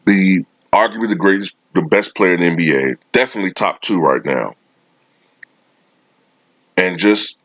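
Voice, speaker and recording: A man's voice: deep voice, a bit bright, no echo. A man delivering a sarcastic, profane sports commentary rant. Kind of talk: casual ranting commentary. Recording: dull lo-fi dry recording.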